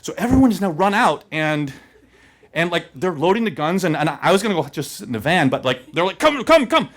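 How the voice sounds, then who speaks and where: A man telling a comic personal story on stage, his pitch leaping up and down as he gets into it. His voice sits a touch high, and he laughs his way through the telling with a loose, filler-heavy delivery. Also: expressive, a little fast. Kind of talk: live personal storytelling to an audience.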